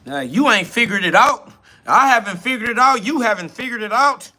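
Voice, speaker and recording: A man's voice: very high voice, lively intonation, a little fast, sharp tone, pitched above the performer's own voice, heavily acted. A man putting on the voice of a scornful male internet troll who taunts with repetitive jabs. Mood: mocking.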